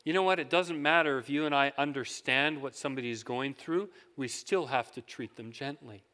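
A man's voice: medium pitch, a little fast, pushed and bright. A man preaching a sermon, telling stories in a conversational way and asking his listeners questions. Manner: conversational storytelling with questions to the congregation. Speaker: pastor. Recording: long hall reverb.

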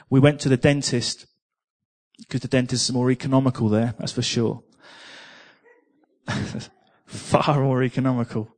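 A man preaching to a congregation, his voice sitting at an ordinary middle pitch. He tells a personal testimony conversationally, repeating words as he goes and slipping in small laughs.

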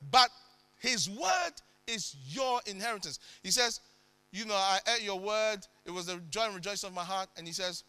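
A man preaching a sermon with dramatic swings into sudden loud bursts. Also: high voice, moderate pace, clear, resonant tone.

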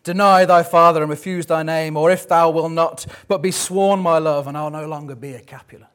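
A man's voice: a little high, steady tone, a little fast, fairly bright tone, smooth, lightly acted. Juliet, a man reciting as the lovestruck girl. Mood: yearning. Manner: theatrical, declaiming verse. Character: young lovestruck girl speaking from a balcony.

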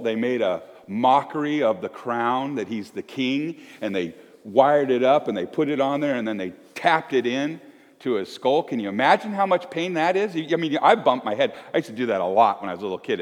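A man's voice: mid-range voice, in a large hall. A man in his fifties preaching as a pastor, folksy and emphatic, asking one question after another. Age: 50s. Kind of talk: sermon. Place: church.

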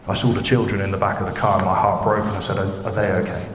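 A man delivers an informal sermon with a fairly low voice, talking to his congregation as if in a chat and checking in with quick questions. The recording is roomy, with a long hall reverb and steady noise underneath. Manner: chatty, conversational, asks the congregation questions. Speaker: preacher. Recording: echoey hall with background noise.

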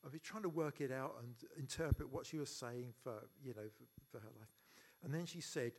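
A man giving a funeral eulogy for his sister, telling stories haltingly with many pauses, fillers and restarts. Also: mid-range voice. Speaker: eulogy speaker, brother of the deceased.

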